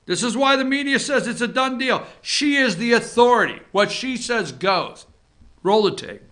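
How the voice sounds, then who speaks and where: A male host with a bright, forceful voice talks casually to his audience, leaning on asides to keep them with him. His pitch swings widely as he goes. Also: moderate pace. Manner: animated, talks straight to viewers with frequent 'okay?' asides. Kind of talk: casual opinion commentary. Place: office.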